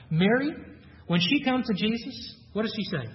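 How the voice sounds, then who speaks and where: A man's voice: high-pitched, lively intonation, normal speed. A man preaching an expository sermon, reading scripture aloud and then explaining it earnestly. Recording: muffled, reverberant hall recording.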